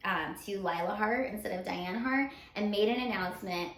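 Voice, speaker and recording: A woman co-hosting a casual chat, friendly and quick to laugh. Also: mid-range voice, a bit bright. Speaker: podcast co-host. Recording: echoey room.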